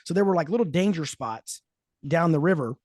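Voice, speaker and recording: Higher-pitched man, dry close sound. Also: a little fast, no room sound. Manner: thoughtful, storytelling, lively emphasis. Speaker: podcast host. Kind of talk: casual chat.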